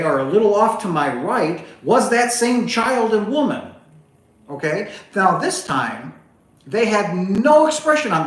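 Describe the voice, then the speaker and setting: A man hosting a spiritual livestream, telling a story in a rambling casual monologue full of asides. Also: sits high. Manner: rambling, animated, full of asides like "right?" and "okay?". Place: home, on a couch. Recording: echoey room.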